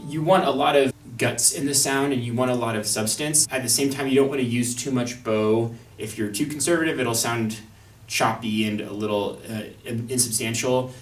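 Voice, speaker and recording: A man's voice: medium pitch, steady tone, normal speed, faint music behind. A young man teaching a violin excerpt in a thoughtful, wry manner, with fillers and restarts. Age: young adult. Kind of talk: instructional talk on an orchestral excerpt. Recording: echoey room, mic at a distance.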